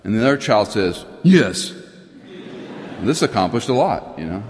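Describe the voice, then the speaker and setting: A middle-aged man preaching a sermon, earnest, rising high for emphasis and dropping to a near whisper. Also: expressive, fast talker, slight background noise. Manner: earnest, rises in pitch for emphasis, drops to a near whisper at times. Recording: long hall reverb.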